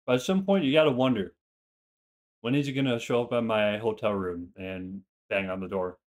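A man's voice: fairly low pitch, moderate pace. A young man with a slight Minnesotan accent, a streamer and former Marine, chatting loosely and profanely while playing a game. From Minnesota, USA. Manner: loose, rambling, profane banter. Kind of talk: casual gaming chat on stream.

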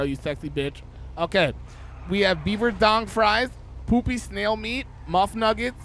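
A man voicing a loud, crude, flirty woman who runs a taco truck, gushing and brash in improvised role-play. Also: high-pitched, slight background noise. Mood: flirty sales pitch. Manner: gushing, brash, vulgar, rapid-fire patter.

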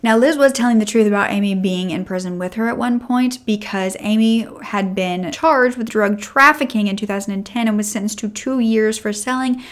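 A woman hosting and narrating a true crime story in a measured, somber way. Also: mid-range voice.

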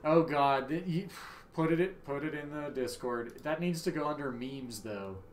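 Young male streamer, pitched a bit high, loud and joking; roomy echoey sound. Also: measured pace, slight background noise. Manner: loud, joking, swears freely. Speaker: livestream gamer. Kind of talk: casual stream chat. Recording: echoey room, faint ambience.

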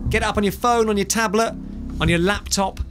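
A man's voice: high-pitched, fairly even intonation, a little fast. A man hosting a radio game show in a studio, teasing the players and counting down mock-solemnly. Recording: radio studio with background music.

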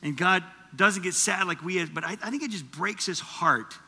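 A man preaching a sermon as teaching pastor, animated and conversational, with asides to the congregation. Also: high-pitched, moderate pace, husky, in a large hall. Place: church auditorium.

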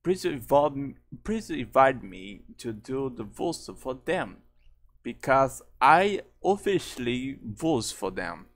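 A man talks casually on his own vlog, halting and restarting his phrases. He speaks slowly, and his pitch moves up and down in a lively way. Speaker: channel host. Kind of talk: casual vlog chat about his characters.

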